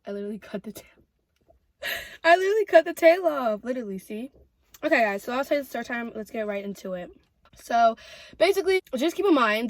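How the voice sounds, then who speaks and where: Chatty and animated, a young woman vlogger tells a story while she eats, sprinkling in plenty of "like" and "literally." Her pitch is fairly high, and there's no echo.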